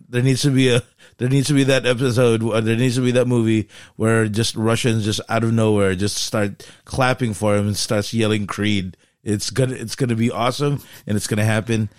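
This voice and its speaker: A man co-hosting a podcast in casual chat, halting and full of fillers, laughing often. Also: on the low side, dry recording, studio quality. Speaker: podcast co-host.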